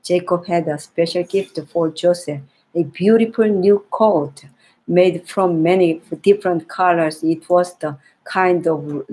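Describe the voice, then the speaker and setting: A woman reading a Bible story aloud to young children in a gentle way, often restarting and repeating phrases. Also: fairly low pitch, husky, low-quality recording.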